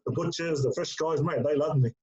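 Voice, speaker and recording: A man's voice: a little high, fairly quick, darkish tone. A middle-aged man, a former player as interview guest, telling stories in casual chat, full of fillers and calling the host mate. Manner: storytelling with lots of fillers, calls the host mate. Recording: lo-fi dull sound.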